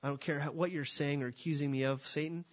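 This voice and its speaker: A man's voice: on the high side, steady tone, quick pace. A man preaching a sermon, emphatic and full of rhetorical questions. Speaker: pastor.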